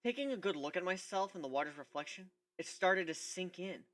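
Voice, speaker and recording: Lively man reading a story aloud. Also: high-pitched, brisk. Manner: expressive first-person narration. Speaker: reader. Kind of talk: dramatic reading of fan fiction.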